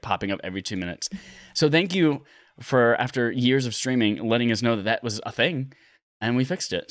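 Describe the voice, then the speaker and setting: A man's voice: mid-range voice, a little fast, no room sound, clean studio sound. A man hosting a casual gaming podcast from his living room, joking loosely and swearing freely. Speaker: podcast host.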